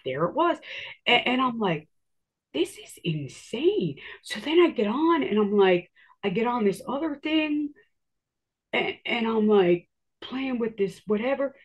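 A woman's voice: fairly high pitch, lively intonation, unhurried. A woman casually telling a personal story in a rambling way, full of filler words and acted-out quotes.

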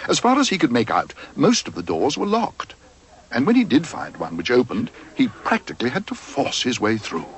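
A man narrating a cartoon storybook in a gentle, expressive way. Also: mid-range voice, normal speed, a little hiss or hum.

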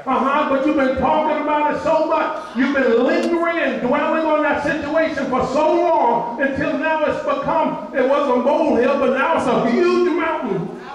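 A man's voice: very high voice, normal speed. A male pastor preaching a sermon, mimicking complaining voices and answering his own questions. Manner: preaching with call-and-response fillers and mimicked whining. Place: church sanctuary. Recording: echoey church hall from far off.

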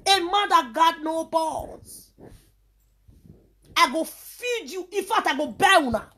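Slowly but forcefully, a high-voiced Nigerian woman delivers a heated ranting vlog, full of scorn and insults. Her animated delivery has a bright tone, and sing-song chanted taunts keep popping up between her jabs.

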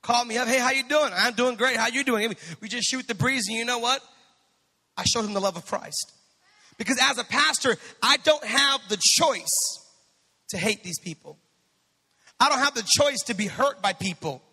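High-voiced preaching man, church reverb. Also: normal speed, slightly rough. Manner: preaching with rising fervor, swinging from soft to shouted. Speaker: pastor. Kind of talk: sermon.

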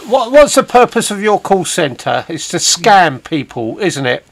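Brief: male caller, high gravelly voice, deadpan mocking baiter. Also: a little slow. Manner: dry, mocking, patient needling. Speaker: scam-baiting caller. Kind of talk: phone prank call with voice-over intro.

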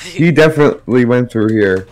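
A man's voice: medium pitch, expressive, moderate pace, low-quality recording. A man co-hosting a casual gaming session, laid-back, laughing and swearing in surprise. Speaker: co-host gamer. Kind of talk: casual gaming chat with a friend.

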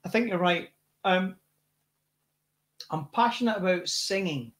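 A Scottish man with a high, bright speaking voice talks as a guest in a casual interview. He is a rock singer and spins lively anecdotes, tripping over restarts and repeating words as he goes. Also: a little slow. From Scotland.

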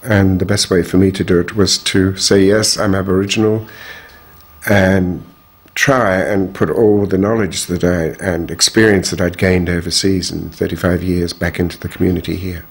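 Older man, husky and low. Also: level tone. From Australia. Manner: measured, frank, strong views. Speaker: interviewee. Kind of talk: reflective personal storytelling.

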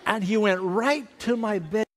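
A man telling an animated, playful story sermon to children in a large church hall. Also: sits high, unhurried, some chatter behind, a little hiss or hum. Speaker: preacher. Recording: reverberant hall.

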